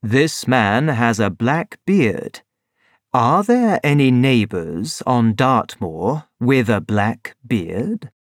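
A man voicing a calm, shrewd middle-aged detective in a storybook reading, low and measured. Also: dry recording, studio quality, exaggerated voice. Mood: probing.

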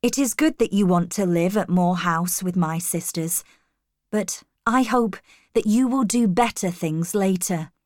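A woman reading the lines of an earnest, serious young male missionary in a calm, measured way. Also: on the low side, no echo, clean studio sound, lightly acted.

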